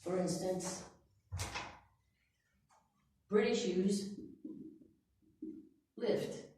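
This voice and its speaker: An American woman teaching an English lesson, speaking slowly and deliberately and checking in with her listeners. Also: mid-range voice, background noise. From United States. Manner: slow, deliberate, checks in with "Yes?" and "Okay?". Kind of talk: slow classroom lesson. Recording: echoey room, voice far from the mic.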